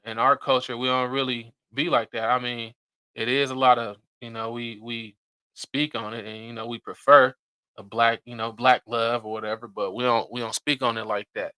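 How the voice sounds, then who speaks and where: A man's voice: mid-range voice, fairly even intonation, moderate pace, bright, forceful tone, clean tone, no room sound. A man hosting a casual podcast, talking loosely and rambling in slang with lots of fillers. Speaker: podcast host.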